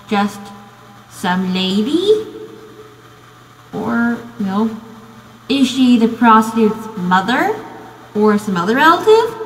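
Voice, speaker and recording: A woman's voice: medium pitch, slight background noise. A young American woman student narrating a casual video essay, rambling with many fillers. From United States. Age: young adult. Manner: rambling, full of "you know" and "um". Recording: echoey room with long reverb.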